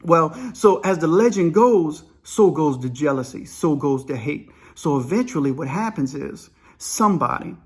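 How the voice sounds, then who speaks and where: Husky high-voiced man telling a story. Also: normal speed, few pauses. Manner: animated, acts out quoted dialogue, peppers speech with "man" and "you know". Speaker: storyteller recalling prison life. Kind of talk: casual spoken storytelling.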